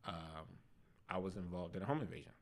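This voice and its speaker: A young man on a podcast, telling his life testimony in casual slang, animated and laughing at himself. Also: low-pitched, fairly quick. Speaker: podcast guest.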